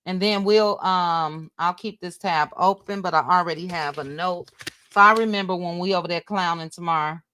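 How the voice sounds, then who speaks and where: A woman hosting a livestream, chatting casually with her viewers and reading things out loud as she goes. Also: on the low side, moderate pace, smooth, no room sound. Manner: chatty, reads out loud while talking to viewers. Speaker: livestream host.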